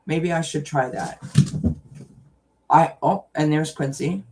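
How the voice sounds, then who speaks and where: A woman hosting a live stream, telling a story in a chatty, animated way and laughing often. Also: sits low, takes it slowly, slight background noise. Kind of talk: casual chat, storytelling. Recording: voice distant from the mic.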